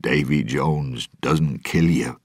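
A man voicing a serious, fearful male sailor in a grave, hushed way. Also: very deep voice, slow, husky, dry recording, studio quality, exaggerated voice. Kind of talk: audiobook storytelling.

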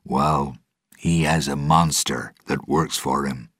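A grave old sailor with fear in his words, as a male narrator plays him. The voice is very deep and husky, slow and dry. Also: steady tone, no room sound, exaggerated voice. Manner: grave, sometimes hushed. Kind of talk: audiobook storytelling.

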